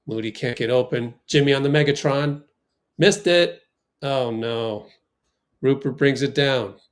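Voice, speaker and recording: A man hosts a fan watch party stream, calling the action casually, shouting over big plays and reading the chat out loud. His mid-range voice stays fairly even in intonation and moves at a normal speed.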